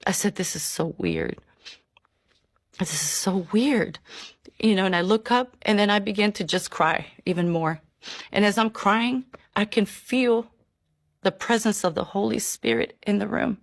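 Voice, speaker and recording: A woman telling her personal conversion testimony, earnest and emotional, with halting restarts. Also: medium pitch, steady tone, gravelly, dry recording, clean studio sound. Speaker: person giving a faith testimony.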